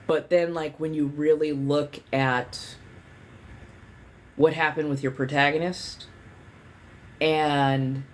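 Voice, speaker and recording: A woman's voice: low voice, flat delivery, slow pace, pauses often. A woman hosting a livestream in casual chat. She rambles candidly, swears freely and leans on lots of fillers. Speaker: livestream host.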